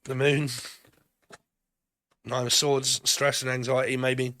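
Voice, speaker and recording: A man's voice: medium pitch, steady tone, measured pace, pauses often, sharp tone, no room sound. A man giving a rambling tarot card reading, swearing often and laughing between phrases. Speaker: tarot reader.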